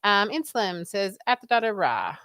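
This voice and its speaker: Woman, livestream host, reads chat comments, chatty, animated pitch, dry close sound. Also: moderate pace, no echo. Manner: chatty, reads viewer comments aloud, laughs easily. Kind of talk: casual chat.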